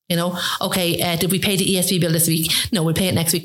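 A woman's voice: fairly low pitch, fast, few pauses. A woman in her forties with an Irish accent, chatting as an interview guest and acting out quotes as she tells her stories. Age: 40s. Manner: chatty, animated storytelling with acted-out quotes. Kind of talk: casual interview chat.

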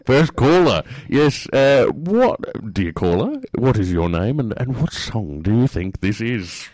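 A man's voice: medium pitch, big pitch swings, a little slow, darkish tone, no echo, clean studio sound. A man co-hosting a mock radio show in a pompous, mock-formal way. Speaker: comedy radio-style co-host. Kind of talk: deadpan comedy banter.

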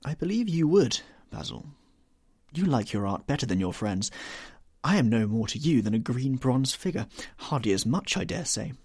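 A man's voice: mid-range voice, sing-song, brisk, slightly rough, no room sound, studio quality, pitched above the performer's own voice. A man reading the part of an anguished, vain young man who dreads growing old, pleading and rising to despair.

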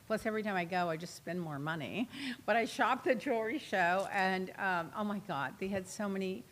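A woman's voice: mid-range voice, fairly quick, slight background noise. A woman hosting a casual talk show, telling gossipy stories with lots of laughter. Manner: chatty, gossipy, laughs often, animated retelling. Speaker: host. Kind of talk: casual chat, storytelling.

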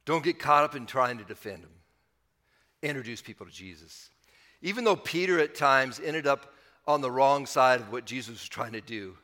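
A man preaching a sermon as pastor, conversational, pushing up on key points and dropping low to close thoughts. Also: pushed and bright, in a large hall.

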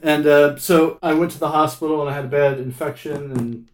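A man's voice: fairly high pitch, fairly even intonation, brisk. A man telling a long, wry story in casual chat, with plenty of filler words and restarts. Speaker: musician guest.

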